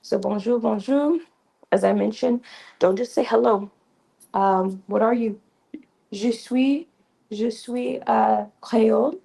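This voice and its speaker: Gravelly low-toned woman teaching on a livestream. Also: slow pace, long pauses, dark tone, low-quality recording. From Creole. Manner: chatty, repeats phrases, frequent ums and restarts. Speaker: livestream host teaching basic French. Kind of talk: casual livestream lesson. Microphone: new mic with a fuzzy sound.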